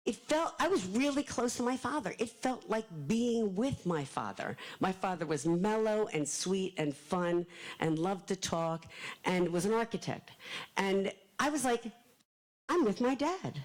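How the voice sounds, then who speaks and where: A middle-aged woman author shares personal stories before a live audience. She is animated and self-deprecating, and she switches between quick asides and acted-out dialogue. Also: medium pitch, poor audio. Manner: animated, self-deprecating storyteller acting out quotes. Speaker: author speaking at a library event. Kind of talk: storytelling talk to a live audience.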